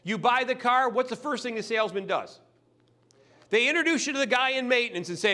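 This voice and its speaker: Man, sales trainer, bright voice, very lively pitch, animated, acts out customer dialogue. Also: a little fast.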